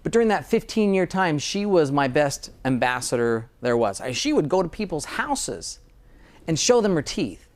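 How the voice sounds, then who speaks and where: A man's voice: fairly high pitch, big pitch swings, normal speed. A dentist in conversation, speaking earnestly and often repeating words as he starts a thought. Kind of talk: conversational interview.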